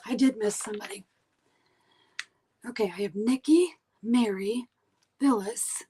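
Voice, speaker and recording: A woman's voice: mid-range voice, unhurried, warm tone, a little hiss or hum, low-quality recording. A woman hosting a live online sale, chatting casually while she counts items and reads out buyers' names. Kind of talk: casual live-stream selling.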